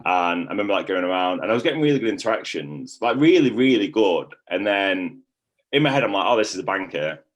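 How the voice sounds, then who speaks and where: This young man's low voice is expressive and quick as he chats casually in a testimonial. A coaching client, he rambles and uses "like" as filler constantly.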